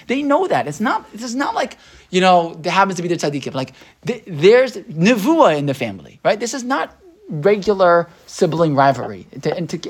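A man teaches an interactive Torah class in an animated manner, mixing Hebrew terms into his English and frequently checking in with his listeners. His voice is high and slightly rough.

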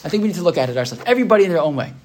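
A man's voice: fairly high pitch, very animated, racing. A man giving an earnest sermon, telling a story and often repeating his phrases and asking "right?".

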